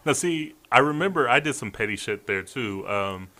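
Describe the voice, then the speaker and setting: Laid-back man with a bright voice. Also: medium pitch, expressive, moderate pace. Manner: laid-back, profane, chuckling. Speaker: podcast co-host. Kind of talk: casual storytelling chat.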